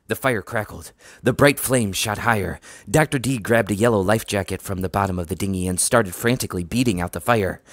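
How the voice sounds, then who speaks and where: A man narrates a children's storybook in a steady, even reading voice. His voice sits low. The recording is dry and close, with no room sound. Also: fairly quick, no room sound. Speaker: audiobook reader.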